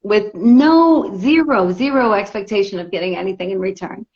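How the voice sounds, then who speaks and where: A woman's voice: medium pitch, moderate pace. A middle-aged woman, a guest author, telling a personal story in casual conversation and acting out what people said. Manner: animated storyteller, acts out quotes. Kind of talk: casual interview chat. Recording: dull lo-fi audio.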